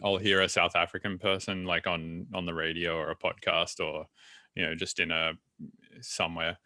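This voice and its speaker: A man's voice: sits low, flat delivery, normal speed, pushed and bright, no room sound, clean studio sound. A man hosting a podcast in casual chat, loose and swearing, with lots of fillers. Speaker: podcast host.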